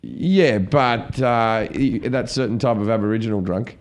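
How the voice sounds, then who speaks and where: A man, a comedian and podcast host, telling a story in casual chat, growing loud and animated as the tension builds. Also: lowish voice, unhurried. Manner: animated, grows loud and excited at the story's peak.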